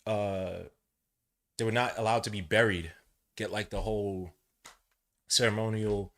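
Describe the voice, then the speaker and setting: A man from New York hosting a live watch-along, rambling between casual play-by-play and chat, and shouting when plays excite him. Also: on the low side, unhurried. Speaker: podcast host doing a game watch-along.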